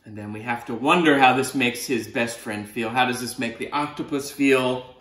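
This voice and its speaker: Brief: bright, animated male storyteller reading a kids' book, roomy echo. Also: medium pitch, normal speed. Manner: animated, voices characters with big jumps. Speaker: children's book author reading aloud. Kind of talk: storybook read-aloud. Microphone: video call.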